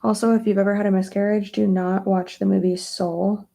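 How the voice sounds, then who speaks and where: A woman's voice: mid-range voice, little pitch movement, brisk, vocal fry, dark tone. A young woman chatting casually while getting ready, rambling with lots of fillers. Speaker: beauty vlogger. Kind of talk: casual get-ready-with-me chat.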